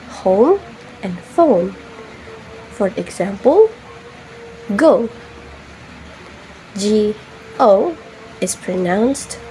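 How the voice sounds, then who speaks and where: Young woman explaining vowels for class, super slow careful talk, warm mellow voice. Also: mid-range voice, a little hiss or hum, rough recording. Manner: careful, spells words out letter by letter. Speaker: student presenter. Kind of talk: classroom presentation.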